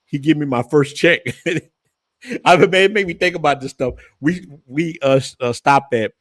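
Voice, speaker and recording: A man tells stories in a relaxed chat. His voice is clear and dry, with no room sound. He gets animated and jumps up in pitch when he quotes someone. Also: normal speed, dry recording. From New Orleans, Louisiana. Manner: animated storytelling, voice rising when quoting his father. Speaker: channel host. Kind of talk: casual storytelling chat.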